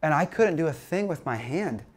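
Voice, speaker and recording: A young man preaching, telling a funny story about himself in a lively way and acting out his own panic. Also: a little high, moderate pace. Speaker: pastor. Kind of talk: storytelling sermon.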